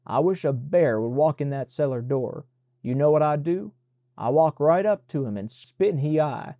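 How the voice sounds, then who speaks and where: A man voicing a young servant boy who speaks in Southern dialect, loud and urgent, shushing and giggling tipsily. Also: a little high, expressive, moderate pace, no echo, clean studio sound. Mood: giddy. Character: young Black servant boy, giddy and tipsy.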